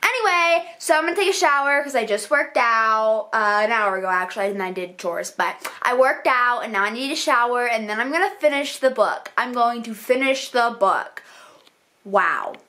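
A young adult woman chatting excitedly in a casual reading vlog, with lots of "like" fillers. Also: a little high, moderate pace. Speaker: book vlogger.

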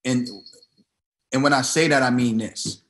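A man's voice: medium pitch, steady tone, a little slow, a bit bright, a little hiss or hum. A man hosting a casual business talk, giving advice in an emphatic style and repeating himself for emphasis. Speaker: host.

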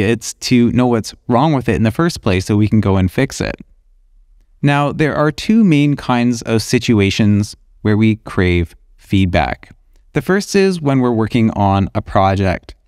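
A man's voice: medium pitch, darkish tone, dry recording, studio quality. A man, an illustrator hosting his own podcast, talking through his ideas in a thoughtful, conversational way. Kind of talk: reflective solo podcast talk.

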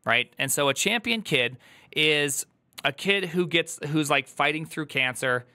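A man's voice: on the high side, animated, a little slow, bright, forceful tone, clean tone. A male streamer telling an emotional, earnest story to his chat, holding back tears. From United States. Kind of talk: casual livestream chat.

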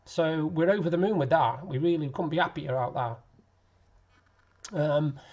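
A man's voice: fairly high pitch, normal speed, a little mellow, lo-fi sound. A man chatting casually in a vlog, complaining indignantly about his day. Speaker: vlogger.

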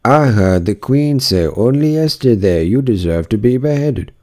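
A man's voice: mid-range voice, animated, normal speed, warm tone, pitched above the performer's own voice, lightly acted. A man doing Five, a sulky card gardener. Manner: sulky, tattling.

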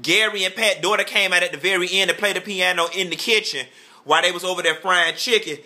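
A man's voice: high voice, steady tone, quick pace, pushed and bright. A man giving campy, sassy gossip commentary as a vlogger, drawling and calling the listener "honey" and "child" while throwing playful shade.

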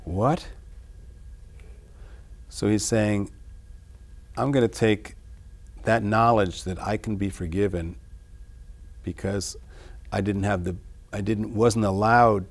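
A man discussing his own song lyrics in an interview, reading lines and then explaining them in a musing, halting way. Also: fairly low pitch. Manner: halting, many restarts. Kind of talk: reflective interview talk.

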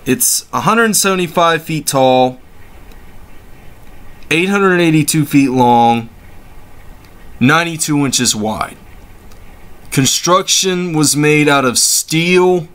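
Male reaction host, sarcastic, foul-mouthed, higher-pitched bright voice. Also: takes it slowly, long pauses. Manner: exclaims and breaks into laughing disbelief; sarcastic, swears freely. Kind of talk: comedic reaction commentary.

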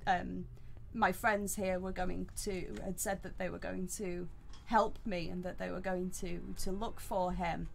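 A woman's voice: on the low side, little pitch movement, measured pace, vocal fry, hardly any pauses, slight background noise. A woman voicing an earnest male villager who politely and hesitantly pleads for help finding his friend in a tabletop game.

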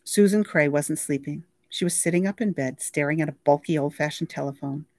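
Lady reading a book out loud for the library, low voice, dry sound. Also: a little fast, no echo. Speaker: library reader. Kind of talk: reading a novel aloud.

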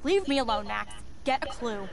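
A woman's voice: a little high, expressive, normal speed, gravelly. An actress playing a brusque young female student in a video game, heard as distant game audio with faint noise. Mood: curt.

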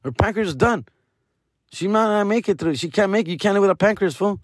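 A man's voice: high-pitched, animated, fast, dry recording, clean studio sound, pitched above the performer's own voice. A male comedian putting on a blunt doctor who gives grim news in a casual way.

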